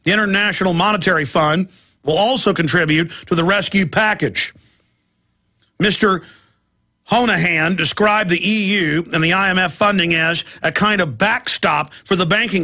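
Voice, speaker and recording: A man's voice: sits high, moderate pace, pushed and bright. A middle-aged man hosting a talk radio show, delivering an impassioned, ranting monologue and mimicking opponents' voices. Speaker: radio host.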